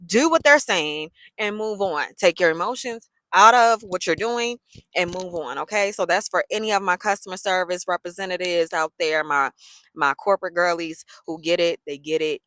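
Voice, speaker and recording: Sassy, bright-voiced woman telling a story. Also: fairly low pitch, moderate pace, dry recording, low-quality recording. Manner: animated, sassy, loose colloquial talk. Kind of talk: casual storytime vlog.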